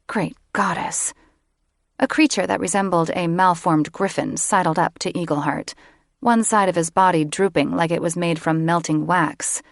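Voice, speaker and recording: A woman audiobook narrator giving steady, scripted fantasy narration close to the microphone. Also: lowish voice, vocal fry, no echo. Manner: steady storytelling. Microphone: close studio microphone.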